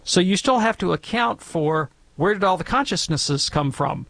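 A man's voice: high voice, animated, moderate pace, creaky, fairly bright tone, no echo. A man talking as a guest on a call-in radio show, explaining in a chatty, digressive, playful way. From Alabama, US. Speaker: guest theologian answering questions. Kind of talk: conversational radio Q&A.

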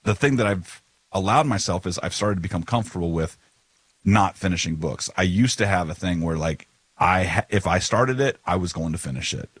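A man co-hosting a podcast in casual chat, animated and eager, often restarting his sentences. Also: low-pitched, brisk, breathy edge, no room sound. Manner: animated, eager, stumbles over words. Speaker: podcast co-host.

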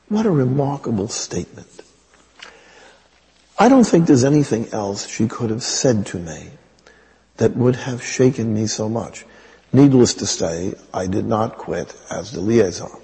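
A priest with a raspy voice, telling a personal story in a sermon in a wry, conversational way. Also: male voice, mid-range voice, expressive, a little slow, mellow, in a large hall, rough recording.

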